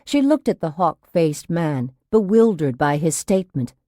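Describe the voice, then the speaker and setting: Female narrator for a thriller audiobook: lower, warm tone, steady and tense, dry studio read. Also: normal speed, dry recording. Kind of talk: scripted narration.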